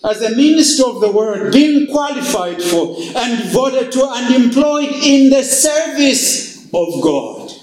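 A male pastor preaching a sermon, slow and emphatic, with dramatic pauses. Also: extremely high pitch, very animated, echoey room, low-quality recording.

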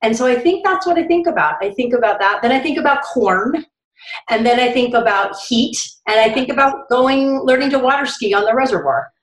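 A woman's voice: fairly high pitch, lively intonation, a little fast. Chatty middle-aged woman, echoey room. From Florida. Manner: chatty, laughs often while reminiscing. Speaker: podcast guest. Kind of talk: conversational interview. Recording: roomy, echoey recording.

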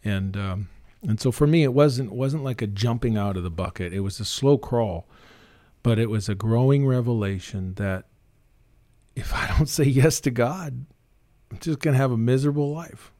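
A man's voice: mid-range voice, expressive, normal speed, warm tone, dry recording, clean studio sound. A middle-aged Canadian man and preacher, telling his story earnestly and emphatically in a casual interview, sometimes quoting others. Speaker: guest, preacher.

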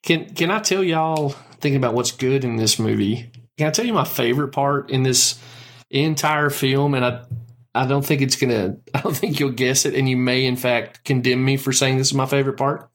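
Male podcast host, mid-pitched, chatty and animated, laughs easily. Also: normal speed. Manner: warm, laughs often, animated storytelling. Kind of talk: casual chat.

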